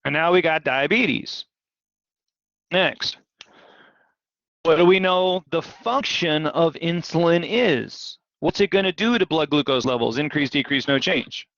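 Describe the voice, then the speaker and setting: A man teaching physiology in a live online lecture, animated and questioning, repeating key words. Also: a little high, unhurried, no room sound. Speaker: physiology instructor. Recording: dull, dry video-call audio.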